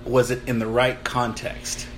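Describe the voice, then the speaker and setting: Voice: mid-range voice, level tone, measured pace, soft background music. A podcast host in a casual chat, joking and telling stories animatedly. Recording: audible background noise.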